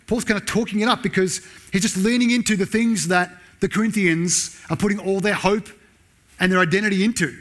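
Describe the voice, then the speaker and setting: A man preaching a sermon in a church, raising his voice sharply when he reads out sarcastic lines. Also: brisk. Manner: animated preaching, pitch jumping up when voicing Paul's sarcasm. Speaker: pastor.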